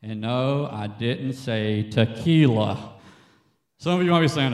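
A man preaching a sermon as pastor from a church stage, an animated, joking storyteller. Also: medium pitch, moderate pace, roomy sound.

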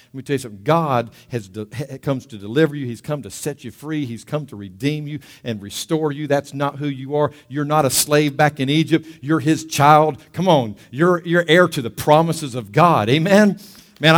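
A man preaching a sermon as pastor, lively and calling for amens from the church. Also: fairly high pitch, a little fast, in a large hall.

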